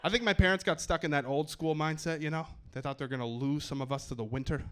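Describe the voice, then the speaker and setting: A man's voice: fairly high pitch, fast, few pauses, fairly bright tone, smooth. A young man doing stand-up in a put-on English accent, wry and self-mocking, on a comedy club stage with a handheld mic. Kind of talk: stand-up set.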